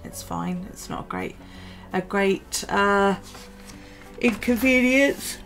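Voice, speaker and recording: A woman's voice: medium pitch, level tone, slow, gravelly, fairly bright tone, soft background music. A woman from the UK, chatting casually in her vlog, tired and yawning, rambling with many ums and restarts. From United Kingdom. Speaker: vlogger. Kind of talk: casual chat over a journaling video.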